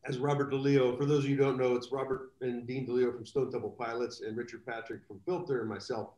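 A man telling rambling, animated anecdotes as a guest in a live video chat. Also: medium pitch, quick pace, reverberant, dull audio. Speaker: guest drummer. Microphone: video call.

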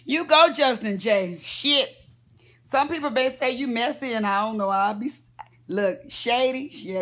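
Woman vlogger, casual gossip rant, profane and chatty, fairly high voice. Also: a bit bright. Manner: profane, chatty, talks straight to viewers as "y'all". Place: lying in bed at home.

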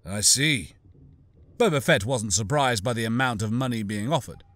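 Measured male audiobook narrator, dry sound. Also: medium pitch, a bit bright, no echo. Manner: measured, deliberate reading.

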